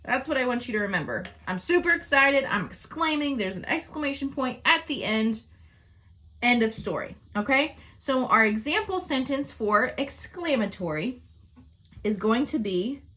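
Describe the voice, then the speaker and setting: A woman's voice: a little high, lively intonation, normal speed, bright, forceful tone. A woman teacher explaining sentence types in a recorded lesson, often checking in with "okay?" and "right?".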